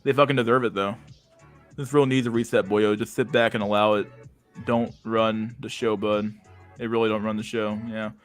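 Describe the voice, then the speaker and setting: A man's voice: lowish voice, flat delivery, normal speed, faint music behind. A man hosting a casual livestream chat, rambling and crude, packed with internet slang. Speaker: livestream host.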